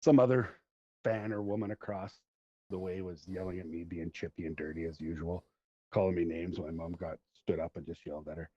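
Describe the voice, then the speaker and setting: A man's voice: low voice, fairly even intonation, fairly quick, warm tone, husky, dry recording. A middle-aged man hosting a podcast, telling long rambling stories in casual chat and laughing along the way. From Central Alberta, Canada. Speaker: podcast host. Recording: dull lo-fi recording.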